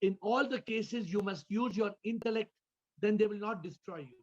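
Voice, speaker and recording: Speaking at a normal speed in a voice that sits high, a man who teaches spirituality takes questions during a video-call talk. He tends to repeat words and quiz his audience, and the audio has its highs cut off.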